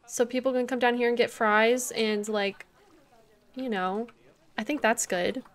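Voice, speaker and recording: Livestreaming a zoo-building game, a young woman with a fairly high, steady voice talks at a measured pace, casually thinking aloud and welcoming viewers in chat.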